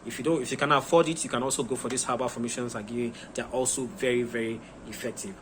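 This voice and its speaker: A man's voice: mid-range voice, fairly even intonation, fast talker, fairly bright tone, slight background noise. A man from Nigeria explaining a home herbal recipe in a rambling, casual way with many fillers. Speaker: herbal remedy seller. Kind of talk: casual informal tutorial.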